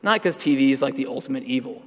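A man's voice: mid-range voice, expressive, quick pace. Man preaching a conversational sermon in a reverberant church. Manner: conversational preaching, building to emphatic outbursts. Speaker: pastor.

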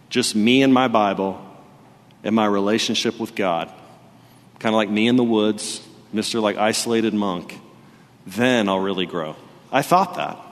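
Young male pastor preaching in a hall. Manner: animated storytelling, gets loud and high when excited. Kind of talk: sermon. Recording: long reverb of a hall.

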